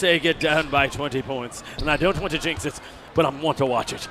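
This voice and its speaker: A man with a high, sharp-edged voice gives esports basketball commentary. His delivery is playful and full of colorful quips. He hypes every play. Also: brisk, a little hiss or hum.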